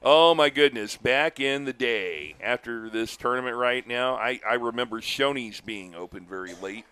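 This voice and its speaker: An older man doing live baseball play-by-play, chatty and telling stories between pitches, lifting his voice on big plays. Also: normal speed, sharp tone, clean tone. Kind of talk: live baseball commentary with chat.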